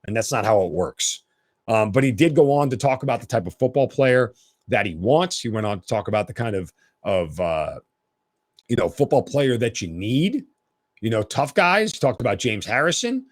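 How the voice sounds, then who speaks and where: Lively, emphatic man hosting sports talk. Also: medium pitch, normal speed, no room sound, clean studio sound. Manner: opinionated, emphatic. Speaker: sports podcast host.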